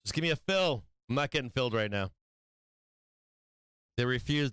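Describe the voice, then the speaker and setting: A man's voice: mid-range voice, animated, normal speed, fairly bright tone, smooth, dry recording. A man hosting a stock trading live stream, talking casually, swearing and venting frustration about his trades.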